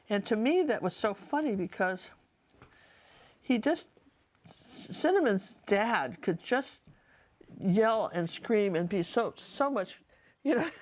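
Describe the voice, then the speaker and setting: A middle-aged woman painting and telling stories from her life in a chatty, digressive way, talking straight to the viewer. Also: medium pitch. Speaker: painter and storyteller. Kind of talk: casual storytelling while painting.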